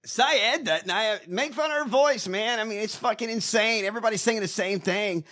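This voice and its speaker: A man's voice: sits high, normal speed, sharp tone. A man co-hosting a podcast, ranting and mocking in casual, profane talk. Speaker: podcast co-host. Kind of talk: casual chat.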